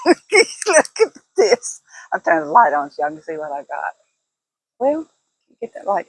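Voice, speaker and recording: A woman's voice: medium pitch, wildly swooping pitch, moderate pace, pauses often, breathy edge, no room sound, rough recording. Chatty older woman, dry sound. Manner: chatty, laughs often, folksy. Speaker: vlogger. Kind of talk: casual chat to camera. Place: at home, walking indoors and out.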